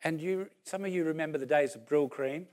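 A man around sixty, preaching a sermon as a lively story and then leading a prayer, acting out what people said. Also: fairly high pitch, brisk, slight background noise. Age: about 60. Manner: animated storyteller who acts out what people said.

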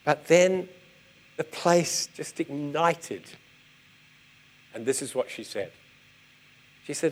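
A man preaching, telling a story in an animated, vivid way. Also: fairly high pitch, slow pace, pauses often. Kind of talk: storytelling sermon.

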